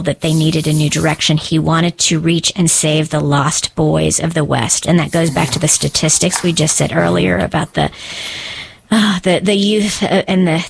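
Co-host, earnest and reflective, gravelly fry in the voice, conversational podcast read. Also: medium pitch, rough recording. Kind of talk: casual conversation.

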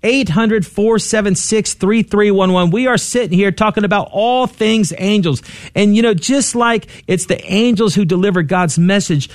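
A man co-hosting a Catholic radio pledge drive, upbeat and steady, slowing down to repeat the donation phone number. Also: sits high, no echo, clean studio sound. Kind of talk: radio fundraising appeal.

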